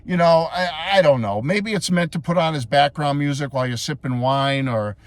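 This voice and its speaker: A man's voice: on the high side, normal speed, dry recording. A man hosting his own channel, giving a blunt, emphatic casual music review and often calling his viewers folks.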